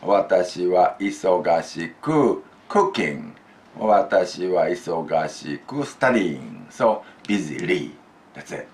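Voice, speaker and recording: Guy teaching grammar, real slow, lots of ups and downs, low voice. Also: big pitch swings, darkish tone. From Japan. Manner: slow, deliberate explaining, prompts students to repeat. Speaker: language teacher. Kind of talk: classroom grammar lesson.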